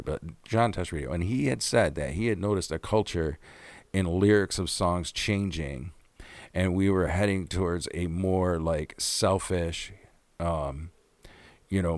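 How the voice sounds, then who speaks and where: A man's voice: sits low, darkish tone, no echo. A man in his forties hosting a podcast, telling a rambling story with plenty of swearing. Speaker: podcast host. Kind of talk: casual monologue.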